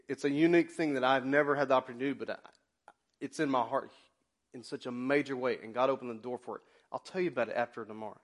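A man preaching as pastor in a church, passionate, swinging between loud exclamations and quiet confessions. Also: medium pitch, fast. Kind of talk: sermon. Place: church sanctuary.

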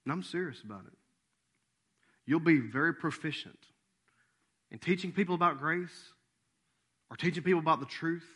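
A man preaching a sermon as pastor, animated, dropping to soft asides and jumping to loud acted-out quotes. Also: a little high, normal speed, pauses often, slightly rough.

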